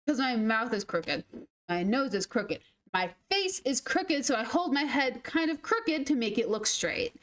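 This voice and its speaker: A woman's voice: on the high side, big pitch swings, measured pace, fairly bright tone, a little hiss or hum. A woman in her twenties, a game streamer, chatting casually through rambling, self-deprecating stories. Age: 20s. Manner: rambling, self-deprecating, mimics others in quotes. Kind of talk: casual storytelling chat.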